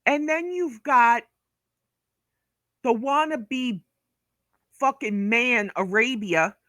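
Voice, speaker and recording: A woman's voice: fairly high pitch, drawn-out words, bright, forceful tone, no echo, clean studio sound. A woman from Brooklyn, ranting on a commentary vlog, blunt, profane and scolding. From Brooklyn, New York. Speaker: vlogger.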